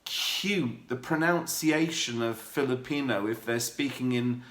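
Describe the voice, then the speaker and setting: A man talking candidly to camera in a personal vlog, rambling warmly with fillers and restarts. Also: medium pitch, a little slow, echoey room. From United Kingdom. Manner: warm rambling talk with many fillers and restarts. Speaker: vlogger.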